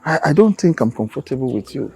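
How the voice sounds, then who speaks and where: A man's voice: medium pitch, animated, quick pace, gravelly, faint music behind, rough recording. An actor with a Nigerian accent playing a concerned father urging his son to stay safe. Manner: gentle, concerned. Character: caring elderly father. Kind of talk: film drama acting.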